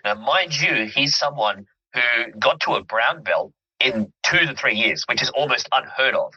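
Male coach guest, very bright husky tone, earnest and emphatic, dull lo-fi recording. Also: mid-range voice, animated, a little slow. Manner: earnest, emphatic, checks in with listener. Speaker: mindset coach. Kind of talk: interview guest explaining with examples. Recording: dull lo-fi audio.

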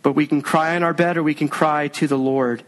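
A man preaching a sermon in an earnest, conversational way, now slowing down, now hurrying. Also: a little high, fairly even intonation, poor audio. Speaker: pastor.

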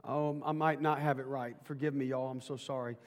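A man's voice: mid-range voice, fairly even intonation, fairly quick, big-room sound. A man preaching a sermon as pastor, folksy and conversational at first, then rising into fervent preaching.

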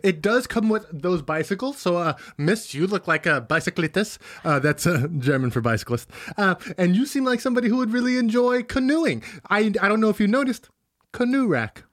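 A man playing a hard-selling male realtor with a put-on New Mexico accent, rushing his words and interrupting people, pitching his voice up and down in a lively, animated way; an improv comedy bit. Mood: pushy. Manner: rapid, salesy, interrupting. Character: pushy fast-talking male realtor, overeager.

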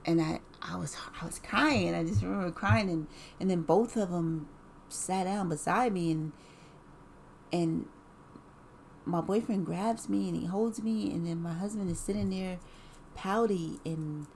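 A woman's voice: lowish voice, unhurried, darkish tone, slight background noise. A woman telling a personal story in a casual, rambling way, with many fillers, restarts and repeated words.

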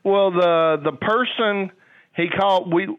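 A man's voice: sits high, slow pace, dry recording. An older man on a phone call, a father who talks in a rambling, hesitant way with many fillers. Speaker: caller, a father. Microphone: telephone. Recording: tinny phone line.

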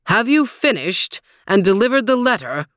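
A woman's voice: sing-song, moderate pace, fairly bright tone, no room sound, studio quality. A woman voicing a hearty, bellowing older lord and master in a storybook reading. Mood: stern. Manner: bellowing, booming.

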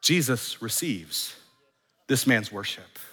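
Man, pastor, sermon, emphatic repeated phrases, forceful bright tone, long church-hall reverb. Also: mid-range voice, lively intonation, takes it slowly, slightly rough. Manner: emphatic preaching with repeated phrases, swelling louder. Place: church sanctuary.

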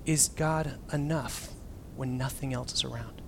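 A man preaching a casual, animated sermon as a pastor, swinging from loud emphasis down to near-whispers and acting out quotes. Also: medium pitch, measured pace, creaky, a little hiss or hum.

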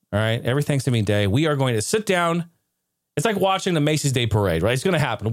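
A man hosting a casual live stream, excitable and ranting one moment, joking the next. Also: medium pitch, no room sound, studio quality. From United States. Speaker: streamer and show host.

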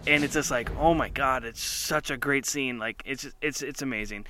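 A man's voice: medium pitch, moderate pace, bright, forceful tone, soft background music. A man co-hosting a casual chat show, talking enthusiastically and rambling with many fillers. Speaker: podcast co-host.

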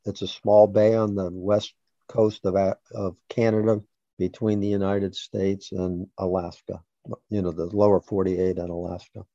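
A man being interviewed, recounting a personal story about his son in a halting way with restarts. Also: low-pitched, little pitch movement, mellow, no room sound, highs cut off. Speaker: interview guest, father.

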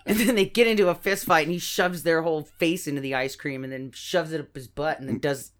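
A woman co-hosting a movie podcast in a very low voice. She retells scenes bluntly, in a deadpan, matter-of-fact way. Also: fairly quick. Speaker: podcast co-host. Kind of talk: casual movie recap chat.

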